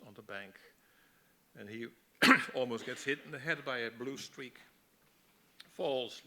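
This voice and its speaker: A man teaching a masterclass on storyboarding, explaining in a relaxed way with frequent restarts. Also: mid-range voice, a little hiss or hum. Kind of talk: lecture on storyboarding.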